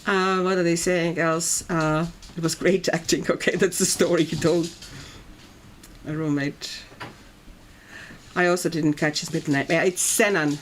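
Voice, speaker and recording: A woman's voice: fairly low pitch, fairly even intonation, unhurried, long pauses, a little hiss or hum. A middle-aged woman from Estonia hosting a casual livestream chat, talking in a chatty way and laughing often. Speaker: livestream host.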